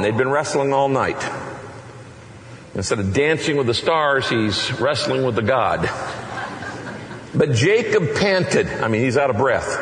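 A man preaching a sermon as a pastor, emphatic and full of rhetorical questions, shifting between fast bursts and slow stressed words. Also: mid-range voice, lively intonation. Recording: echoey large hall with long reverb.

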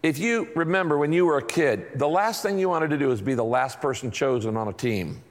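A man preaching a sermon as pastor, telling stories in a lively way and acting out quotes. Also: fairly high pitch, a little fast, in a large hall. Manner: animated storytelling with acted-out quotes.

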